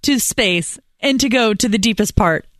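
A woman's voice: fairly high pitch, expressive, moderate pace, no echo, studio quality. Playful woman co-host telling a story. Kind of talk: casual radio show banter.

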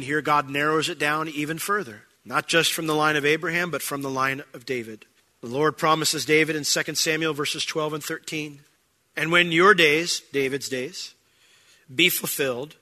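A man preaching a sermon as pastor, explaining scripture in a conversational, animated way and acting out quick asides. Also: fairly high pitch.

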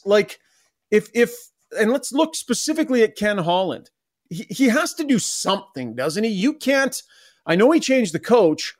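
A man hosting a sports podcast, teasing his co-hosts and steering them into the next topic. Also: high voice. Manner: joking, teasing, leads the topics. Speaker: podcast host. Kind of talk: casual sports podcast chat.

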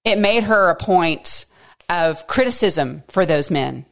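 Low-voiced woman teaching Bible study. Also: slow pace, creaky. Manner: expressive, swings between hushed asides and high emphatic bursts.

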